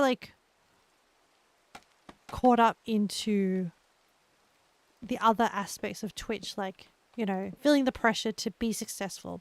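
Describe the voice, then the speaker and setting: A young woman with an Australian accent, chatting gently and encouragingly with her live viewers as a streamer, laughing often. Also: fairly high pitch, dry recording. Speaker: livestreamer. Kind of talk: casual chat with live viewers.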